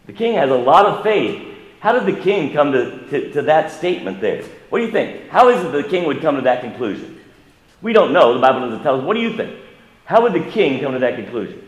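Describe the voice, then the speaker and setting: A male pastor preaching a sermon in a casual, conversational way. He often asks the congregation questions and pushes his voice higher and louder to stress a point. The sound is roomy, with the long echo of a church hall. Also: sing-song, brisk, highs cut off. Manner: rises in pitch and volume for emphasis. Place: church sanctuary.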